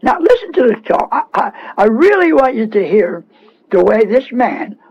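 A man with a high, husky voice preaching a radio sermon. He scolds and repeats himself with fervent insistence. The broadcast sound is dull and muffled. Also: very animated, normal speed.

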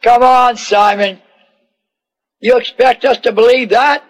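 A rough fisherman who scoffs and hollers at his old friend, put on by a preacher. The voice sits very high and talks in loud, folksy jabs. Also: steady tone, measured pace, low-quality recording. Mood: incredulous. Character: skeptical rough male fisherman buddy.

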